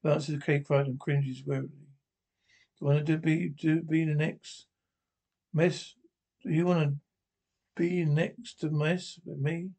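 A man's voice: on the high side, flat delivery, measured pace, pauses often, dark tone. A man reading the lines of a wry, exasperated male astronaut in a mocking tone, close to his own voice. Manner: sarcastic, mocking.

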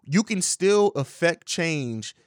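A man speaking as a podcast guest, in a measured and reflective way during a casual conversation. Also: fairly high pitch, expressive, clear, resonant tone, no echo, studio quality.

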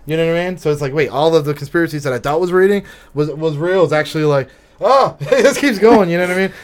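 A man's voice: on the high side, lively intonation, fast talker. A man chatting casually on a podcast, loose and profane, laughing between thoughts. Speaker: podcast co-host.

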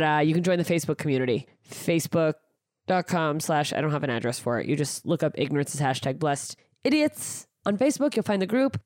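A woman with a low-pitched, slightly mellow voice hosts her own podcast as a stand-up comedian, recorded cleanly on a studio microphone with no echo. She chats casually, rambling through plugs and tour dates, self-deprecating and swearing freely.

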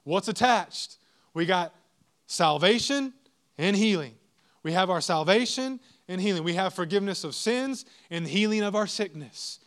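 Man, pastor, sermon, emphatic, repeats phrases, quizzes congregation, higher-pitched. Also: expressive, moderate pace, fairly bright tone.

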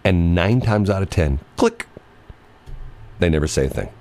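Brief: deep-voiced male radio host, lively storyteller. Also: fast talker. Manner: animated storyteller, mimics voices. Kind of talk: casual radio banter.

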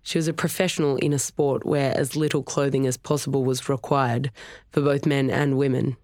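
A steady audiobook narrator reading a novel in an even, measured way. The voice is close and dry, with no room sound. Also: medium pitch, no echo. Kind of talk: scripted narration.

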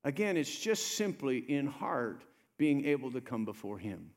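A male pastor preaching an animated sermon, acting out the voices of the people in the story and urging the congregation to respond. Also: mid-range voice, a little slow.

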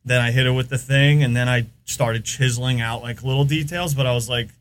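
This podcast guest is an American man whose medium-pitched voice stays fairly even as he speaks a bit fast. He's from the United States and chats casually, spinning long stories that wander and lean heavily on filler words.

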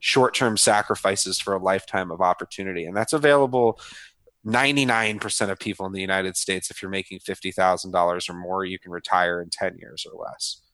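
A man's voice: low-pitched, a little fast, a bit bright, dry recording. A man in his thirties, a guest author talking casually and with enthusiasm in a podcast interview, often saying "man" and "dude". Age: 30s.

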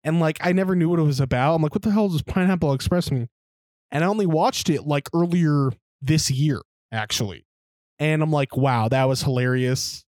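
Young male co-host, slightly high voice, rambling and profane, dry close sound. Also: moderate pace, darkish tone, dry recording. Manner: rambling, profane, laughs while telling stories. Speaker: podcast co-host. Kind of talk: casual chat.

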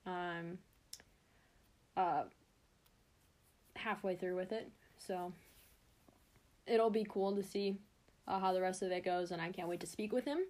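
A woman's voice: on the low side, steady tone, unhurried, long pauses, darkish tone. A young woman hosting her own sports podcast, talking in a chatty, rambling way and cutting herself off. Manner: chatty and rambling, self-interrupting. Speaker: podcast host. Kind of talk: casual solo podcast chat.

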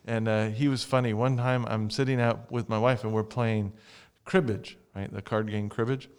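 A man's voice: on the low side, fairly even intonation, normal speed, a little mellow, smooth. A man chatting casually as a podcast co-host, telling anecdotes in a loose, conversational way. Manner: chatty, laughs through his own anecdotes. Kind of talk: casual chat.

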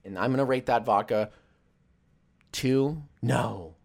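A man's voice: medium pitch, slow, creaky, darkish tone. A young man chatting loosely on a stream, swearing often and rambling between jokes. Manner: profane, loose and joking, with many fillers. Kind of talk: casual rambling chat.

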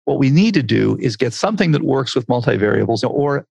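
A man's voice: medium pitch, a little fast, creaky, breathy edge, no echo. An older man, a medical researcher, tells a story in an interview and acts out the quotes as he goes. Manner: animated storyteller acting out quotes.

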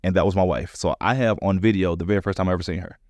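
Speaking very fast in a deep voice, a male comedian appearing as a guest recounts stories during a relaxed interview. He is an animated storyteller who performs the lines of the people involved.

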